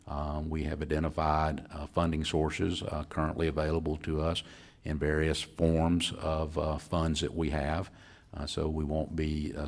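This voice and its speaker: A man giving a county official's report at a public meeting, measured and pausing often with "uh". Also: a bass voice. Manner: measured, with many "uh" pauses.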